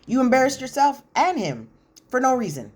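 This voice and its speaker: A woman giving a casual, opinionated recap commentary on a reality show, retelling scenes in an animated way with slang asides. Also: high-pitched, moderate pace.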